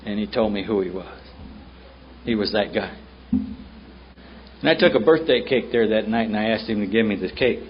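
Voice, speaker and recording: A man with a lowish voice and a Southern American accent speaks briskly at a recovery meeting, telling his story bluntly and with profanity. The meeting-room recording is on muffled old tape with faint hiss.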